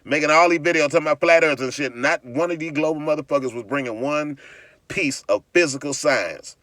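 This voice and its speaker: A man rants straight into the camera on his vlog, profane, heated and mocking, stumbling over and repeating words as he pushes on. His voice sits a bit higher than most men's, and the sound is dry and close, with no room echo. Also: a little fast, a bit bright. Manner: repeats words and restarts while ranting. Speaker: vlogger. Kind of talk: ranting vlog monologue.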